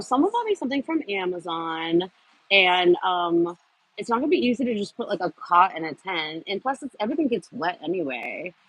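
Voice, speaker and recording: A woman's voice: on the low side, slightly rough, no echo, rough recording. Rambling woman on a casual livestream. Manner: scattered, trails off with many fillers; reads out and answers viewer comments. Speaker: livestream host.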